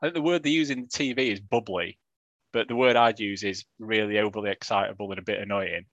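A man's voice: on the low side, fast, fairly bright tone, no echo, muffled recording. Wry, rambling podcast man. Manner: rambling, wry, self-mocking. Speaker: podcast co-host. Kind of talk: casual chat.

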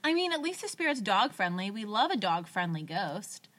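A woman's voice: mid-range voice, sing-song, a bit bright. A woman co-hosting a podcast, reading a listener's story aloud and chatting in a bubbly, playful way. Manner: bubbly, playful, quick to laugh. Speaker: podcast co-host.

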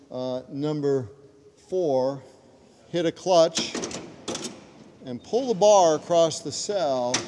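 A male park ranger leads a guided tour, explaining and demonstrating old mechanisms as he goes. The field recording is noisy, with sound all around him indoors. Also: a little high. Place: prison cellhouse, indoors.

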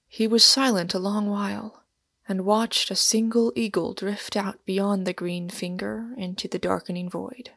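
A woman narrating a literary novel in a measured, descriptive reading. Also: mid-range voice, fairly even intonation, vocal fry, no echo, clean studio sound. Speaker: audiobook narrator.

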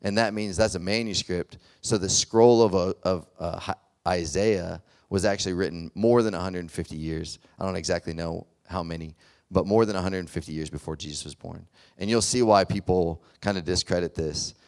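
Deep-voiced man preaching casually. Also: steady tone, normal speed. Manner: conversational, rambling with many fillers. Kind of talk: casual sermon.

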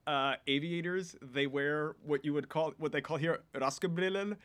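On a relaxed film-chat podcast, an American male co-host tells meandering stories, often breaking into his own sentences. His voice runs on the high side with a fairly bright tone, and he speaks at a moderate pace.

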